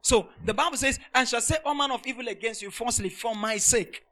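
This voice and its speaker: A male pastor preaching a sermon to a congregation, repeating phrases and swinging between loud, emphatic shouts and hushed, quiet asides. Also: very high voice, quick pace.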